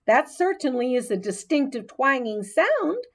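A woman reading aloud voices a patient but firm schoolteacher who gently scolds her class. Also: high voice, sing-song, pitched above the performer's own voice, exaggerated voice. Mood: stern. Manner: brisk, gently scolding teacher voice.

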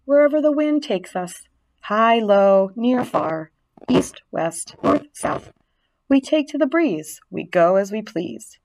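A woman's voice: fairly high pitch, lively intonation, slow, a little mellow, voice pushed up, poor audio. A woman doing a carefree little spider. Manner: lilting, sing-song. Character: tiny young spider, adventurous and carefree. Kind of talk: storybook reading.

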